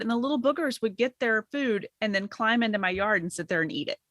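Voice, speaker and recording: A woman's voice: fairly high pitch, expressive, a little fast, few pauses, no room sound, studio quality. A woman co-hosting a podcast in casual chat, chiming in with a laugh. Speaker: podcast co-host.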